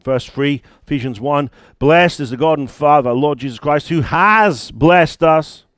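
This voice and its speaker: A man's voice: on the high side, a little slow, fairly bright tone, clear, resonant tone, no room sound, clean studio sound. A British man, a church founder and pastor, preaching a sermon in a conversational, emphatic way with stories.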